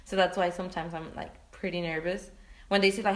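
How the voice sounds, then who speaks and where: A woman's voice: fairly low pitch, steady tone. A young woman co-hosting a podcast, chatting casually and laughing often. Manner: laughs often, quick banter. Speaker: podcast co-host. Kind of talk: casual chat.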